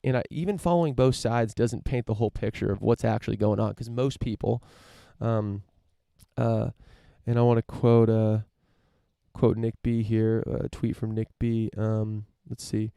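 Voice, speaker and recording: A man's voice: lowish voice, fairly even intonation, moderate pace, gravelly, dark tone, smooth, no room sound, studio quality. A young man hosting a podcast, rambling through a casual profane rant with lots of restarts and fillers. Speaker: podcast host.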